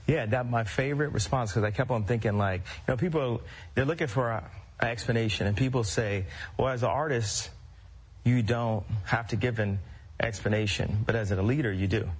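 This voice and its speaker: A man answering interview questions in a measured way, explaining his reasons, in a clip heard from a distance. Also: mid-range voice, breathy edge. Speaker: interview guest.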